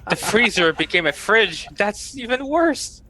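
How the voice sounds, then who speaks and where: A man's voice: high voice, big pitch swings, a little slow, sharp tone. A man playing a tabletop game, chiming in with wry quips. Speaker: player.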